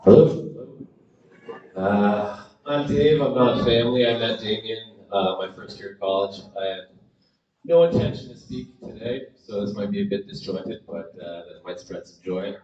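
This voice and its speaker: A middle-aged man gives an unscripted, halting speech as a family friend at a memorial, full of fillers and with a wry tone. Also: on the low side, darkish tone. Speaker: family friend giving a eulogy. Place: large hall at a memorial gathering. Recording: roomy, far from the mic, dull.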